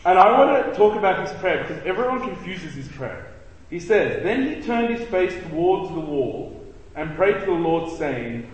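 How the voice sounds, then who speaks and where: A man teaching a casual Bible study to a group, animated and joking as he acts out quotes. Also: on the high side, far from the mic, muffled recording. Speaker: church youth teacher. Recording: echoey hall with long reverb.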